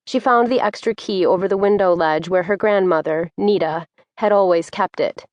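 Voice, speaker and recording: Brief: woman audiobook narrator, mid pitch, steady descriptive storytelling, dry. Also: normal speed, no room sound, muffled recording. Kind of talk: scripted narration.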